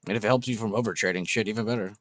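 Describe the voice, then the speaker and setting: A man's voice: fairly low pitch, rapid-fire, dry recording. A young man hosting a trading livestream, chatting casually and enthusiastically with viewers, swearing freely. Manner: casual, profane, enthusiastic, reacting to chat.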